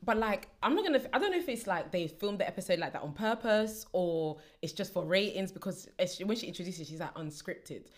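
A woman's voice: on the low side, a little fast, hardly any pauses. A woman in casual group chat, telling a story and acting out what people said. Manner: animated storyteller, acts out quotes.

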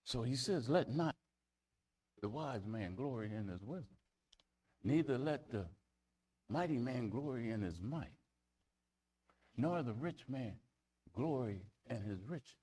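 A male pastor delivering a sermon at an unhurried pace. His pitch rises and falls widely as he moves between ringing declarations and hushed near-whispers. He reads scripture aloud and repeats words to build emphasis. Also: lively intonation. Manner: reads scripture aloud in King James wording.

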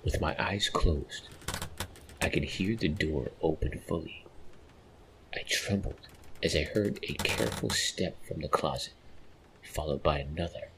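A man narrating a horror story in a slow, hushed, dramatic way. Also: extremely low pitch, vocal fry, background noise. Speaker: podcast narrator.

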